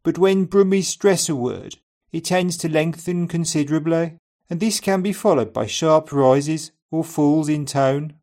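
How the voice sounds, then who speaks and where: A man teaching an accent lesson in scripted narration, saying each example word slowly and carefully, often twice. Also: fairly high pitch, a little mellow.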